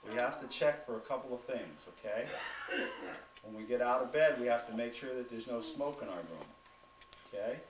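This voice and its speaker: A man's voice: medium pitch, moderate pace. A man, a firefighter, patiently teaching fire safety to preschool children, asking them lots of simple questions. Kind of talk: classroom talk to small children. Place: preschool classroom. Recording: echoey room from far off, noisy.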